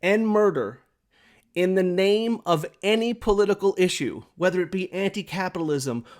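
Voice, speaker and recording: A podcast host smokes a pipe while delivering an impassioned, preachy, opinionated monologue with lots of repetition. His voice sits high, and he talks at a normal speed.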